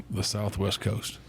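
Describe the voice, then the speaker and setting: A man hosting a podcast, chatting in a relaxed, teasing way. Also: fairly low pitch, creaky, slight background noise. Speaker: podcast host. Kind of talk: casual chat.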